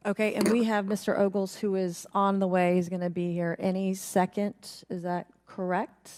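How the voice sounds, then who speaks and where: A woman, the committee chairwoman, running a formal hearing in a brisk, procedural way. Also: mid-range voice, flat delivery, a little mellow.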